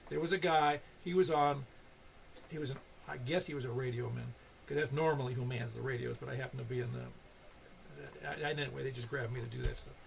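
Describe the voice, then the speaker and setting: A man's voice: mid-range voice, fairly even intonation, brisk, creaky, a little hiss or hum. An older man hosting an amateur radio net, telling stories in a rambling, casual way full of restarts. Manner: rambling storyteller with many restarts. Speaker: net control host. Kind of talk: casual ham radio chat.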